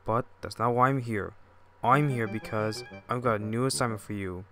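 Man doing a steady railway boss, reassuring, businesslike. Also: medium pitch, moderate pace, soft background music, natural voice.

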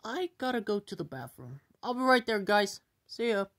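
A woman's voice: medium pitch, sing-song, normal speed, fairly bright tone. A woman performing a puppet comedy skit in a chatty, joking way.

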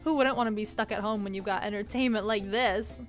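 A woman's voice: medium pitch, fairly even intonation, a little fast. A young woman streamer chatting and giggling through a game, reading its text aloud, with music faintly behind. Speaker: gaming streamer. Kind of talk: let's play commentary.

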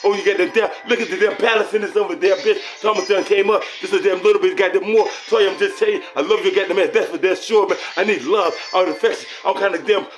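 High, fast-talking man rambling over loud music. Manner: rambling, cursing constantly, repeating "man". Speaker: freestyle rapper and producer. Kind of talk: profane freestyle talk-rap over a beat. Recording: music playing loudly under the voice.

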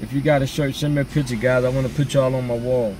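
A man's voice: medium pitch, steady tone, fast, darkish tone, distant mic. Laid-back man vlogger, casual slangy chat with viewers, a little off-mic, faint hum behind.

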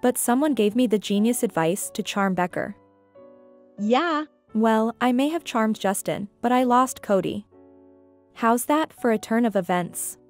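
A heartbroken young girl, snappish and sulky, speaking in a fairly high voice, as a woman reads her lines in a storybook tale. Soft music plays faintly behind her. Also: animated, unhurried. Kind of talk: scripted story narration.

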